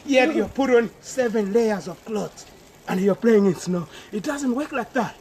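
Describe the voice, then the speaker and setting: A man vlogging outdoors in the snow, playful and laughing, often shouting and repeating himself. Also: extremely high pitch, animated, a little slow. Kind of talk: excited outdoor vlog. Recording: loud outdoor noise. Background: loud noise.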